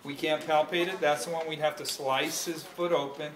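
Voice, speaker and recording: A man's voice: fairly high pitch, little pitch movement, moderate pace, fairly bright tone. A male instructor demonstrating anatomy hands-on to a class, explaining step by step and correcting himself mid-sentence. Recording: echoey classroom from far off, faint noise.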